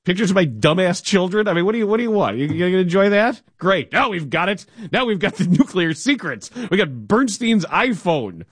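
A man hosting sports talk radio, telling stories in a lively voice and slipping into quick impressions. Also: sits high, husky, no echo. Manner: animated storytelling, does quick voices. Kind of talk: casual talk radio monologue. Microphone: studio mic.

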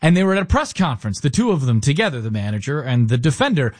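A man's voice: medium pitch, big pitch swings, quick pace, no echo. A man hosting a casual sports talk show, setting up stories with emphatic, wry banter. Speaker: podcast host.

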